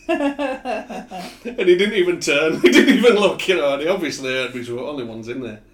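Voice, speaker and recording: A man's voice: on the high side, big pitch swings, normal speed, pauses often. A man, co-hosting a casual chat and telling anecdotes with swearing and laughs. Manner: storytelling, swears, laughs often. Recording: echoey room.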